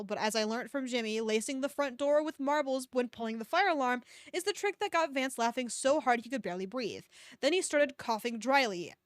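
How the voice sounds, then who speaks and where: In clean studio sound with a dry recording, a woman streamer with a fairly high voice reads fan fiction aloud as a comedic dramatic performance. She keeps interrupting herself to mock the text with sarcastic, profane commentary.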